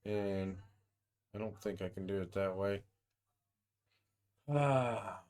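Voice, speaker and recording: Low-voiced man rambling through a screen demo. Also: takes it slowly, a little mellow. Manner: thinks aloud, rambling with restarts. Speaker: software demonstrator. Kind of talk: casual screen-share tutorial. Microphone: video call.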